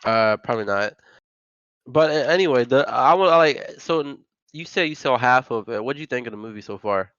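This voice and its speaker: A man's voice: mid-range voice, animated, fairly quick, a bit bright, no room sound, highs cut off. A man hosting a casual podcast chat, rambling and packing his talk with filler words. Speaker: podcast host.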